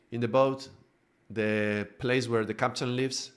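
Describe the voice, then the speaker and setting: A man giving a live spiritual talk at an ordinary pitch. He explains through long metaphors and keeps checking in with his listeners. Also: steady tone, unhurried, few pauses, clean tone. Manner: builds extended metaphors, checks in with tag questions. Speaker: spiritual teacher.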